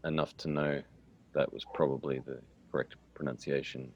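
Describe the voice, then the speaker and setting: An Australian man hosting a relaxed, chatty conversation. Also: a bass voice, normal speed, dull audio, slight background noise. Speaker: English teacher, host. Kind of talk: casual conversation.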